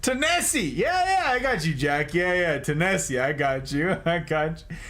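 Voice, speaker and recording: Male streamer, playful teasing, bouncy high voice, laughs often, desk mic. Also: big pitch swings, normal speed, a bit bright. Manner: playful, teasing, joking mispronunciations. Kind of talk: casual livestream chat with viewers.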